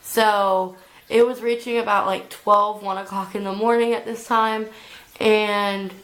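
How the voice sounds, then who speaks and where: Slow-talking young woman telling a story. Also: medium pitch, level tone, fairly bright tone, rough recording. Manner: rambling, many filler "like"s. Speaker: vlogger. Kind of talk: storytime vlog.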